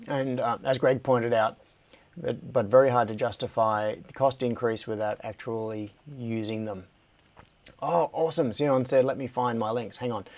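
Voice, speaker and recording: A man's voice: medium pitch, normal speed. An Australian man hosting a casual livestream from his home workshop, chatting loosely, reading out viewer comments and laughing often. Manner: relaxed, chatty, laughs often, drifts mid-sentence. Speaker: livestream host.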